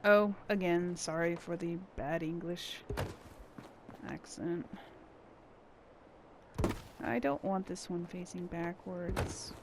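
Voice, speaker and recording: A woman talks through her gameplay in an unhurried, muttering way, thinking aloud as she goes. Her voice has a gravelly, fry-tinged edge. A steady background hiss runs under the recording. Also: medium pitch. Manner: thinking aloud, muttering to herself while building. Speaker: gameplay channel host. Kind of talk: casual gameplay commentary.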